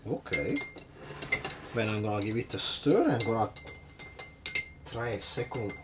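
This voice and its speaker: Lively-voiced man hosting a cocktail vlog. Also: fairly low pitch, measured pace, heavy background noise. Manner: chatty, hesitant, nervously self-mocking. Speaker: home bartender host. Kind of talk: casual cocktail-making vlog.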